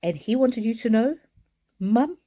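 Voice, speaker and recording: Earnest woman giving a mellow card reading. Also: lowish voice, normal speed. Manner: earnest, gently reassuring, with soft laughs. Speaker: oracle card reader. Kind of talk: live streamed card reading.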